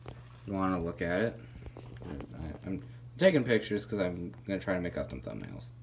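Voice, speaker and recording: A man's voice: deep voice, big pitch swings, normal speed, gravelly, slight background noise. A man casually narrating a hobby video about a ceiling fan, rambling with lots of fillers and self-deprecating asides. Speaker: ceiling fan collector showing a fan.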